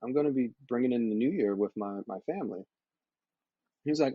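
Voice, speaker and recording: A man who is a podcast guest, telling stories in a casual chat, animated and laughing as he acts out the people in them. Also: medium pitch, a little fast, no echo, muffled recording. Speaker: podcast guest, model and actor.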